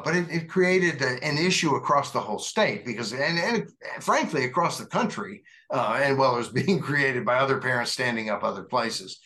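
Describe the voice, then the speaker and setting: A man chatting about politics on a talk show, his voice bright and forward. He talks conversationally, circling back with plenty of "uh" and restarts. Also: medium pitch. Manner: conversational, meandering with frequent fillers. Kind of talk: casual political discussion.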